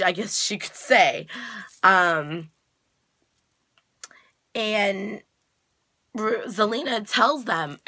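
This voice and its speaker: A woman's voice: mid-range voice, sharp tone. A woman vlogger recapping a TV episode in a chatty, casual way with slangy asides.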